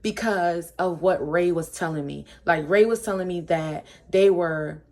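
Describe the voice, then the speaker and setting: A young woman telling a casual storytime, animated and full of slang, acting out what her friends said. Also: on the low side, measured pace.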